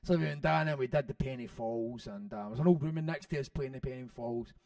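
A man, an author telling stories about his father in an interview, animated and swearing freely. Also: mid-range voice, quick pace, vocal fry, no room sound. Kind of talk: storytelling in an interview. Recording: dry sound from a distant mic.

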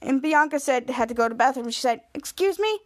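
Female podcast host, high voice, casual rambling episode recap. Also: fairly even intonation, quick pace. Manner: rambling, lots of "and then" restarts.

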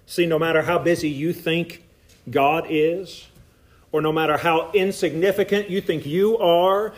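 A man from Appalachia with a Southern Appalachian accent delivers a sermon in church. His voice sits fairly high, and he preaches in an animated, folksy way, chatting with the congregation between points. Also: measured pace. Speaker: pastor.

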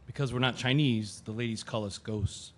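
An actor playing an ill man who talks quietly and wryly about his guilt. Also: medium pitch, normal speed, lightly acted. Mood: subdued. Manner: quiet, subdued, self-deprecating. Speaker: Ben, the sick man. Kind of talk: audio drama acting, inner monologue.

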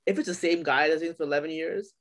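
A young man with a slightly higher voice chats on a podcast. He speculates casually, and his sentences keep snagging on repeated words before he pushes on. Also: quick pace, a bit bright. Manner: stammering, speculative. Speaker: podcast co-host. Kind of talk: casual chat.

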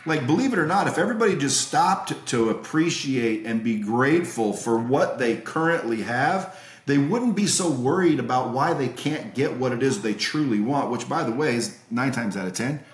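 A man's voice: mid-range voice, expressive, moderate pace, hardly any pauses. A man in his forties, a podcast guest, telling a story casually over a remote call from home, emphatic, swearing freely and often restarting his sentences. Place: at home with children nearby. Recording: roomy echo.

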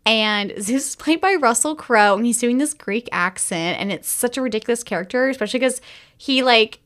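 A woman's voice: fairly high pitch, moderate pace, fairly bright tone. A woman co-hosting a casual podcast, reviewing a movie with enthusiasm, laughing and swearing freely. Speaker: podcast co-host. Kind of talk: casual film review chat.

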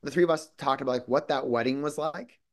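A man's voice: medium pitch, fast. Minnesota guy rambling on as an interview guest, keeps restarting, acts out little quotes, medium voice. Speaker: guest actor. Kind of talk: casual interview chat.

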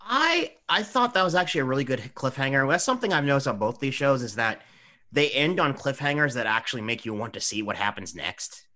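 Young dude, bright voice, says like a lot, chill chat. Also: male voice, mid-range voice, sing-song, brisk. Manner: hedging, many likes. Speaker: podcast co-host. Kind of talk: casual chat.

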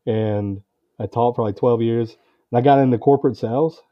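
Animated man telling a personal story. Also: medium pitch, moderate pace, highs cut off. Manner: animated, acts out quoted dialogue, swears freely. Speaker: podcast guest. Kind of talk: casual storytelling.

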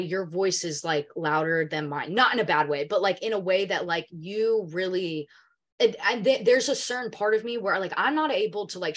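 A woman's voice: fairly low pitch, a bit bright. A young adult woman co-hosting a podcast, talking candidly and emotionally in casual chat with some swearing. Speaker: podcast co-host.

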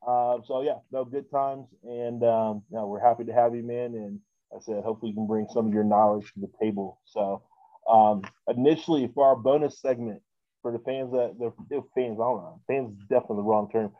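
A man's voice: mid-range voice, fairly even intonation, fast talker, dry recording, lo-fi sound. A man hosting a casual podcast, rambling with many fillers and restarts. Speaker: podcast host.

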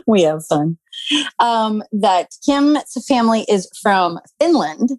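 A woman hosting a casual podcast chat over a video call, playful and quick to laugh. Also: medium pitch, animated, darkish tone, no echo, rough recording. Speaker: podcast host.

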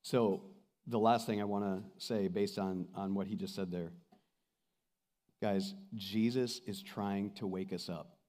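A man preaching a sermon as pastor, passionate, swinging between loud calls and hushed asides. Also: on the low side, steady tone, unhurried. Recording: long hall reverb.

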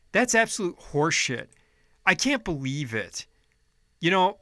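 A man, upset and frustrated, rants with a high, sharp voice, full of swearing and broken-off restarts. His tone stays heated and indignant throughout. The sound is dry and close. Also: dry recording. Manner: heated, profane, restarting sentences. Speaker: vlogger. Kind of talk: angry political rant.

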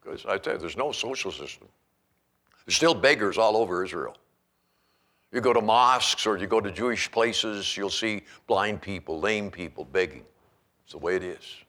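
A man pastor preaching a sermon in an animated storytelling manner, acting out scenes as he goes. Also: fairly low pitch, moderate pace.

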